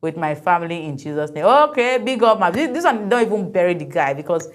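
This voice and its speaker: A woman's voice: lowish voice, sing-song, fast. A woman hosts a TV talk show, giving chatty, opinionated commentary on viral videos. She reads out viewer comments and laughs easily.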